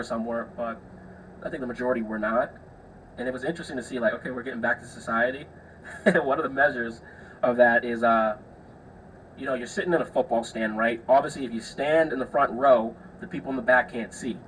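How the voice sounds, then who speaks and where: A young man tells casual stories on his own podcast, acting out the people in them and swearing freely in a chatty way. His middle-pitched voice is fairly bright and fairly even, moving a little fast, and he sounds slightly distant from the mic over a faint hiss.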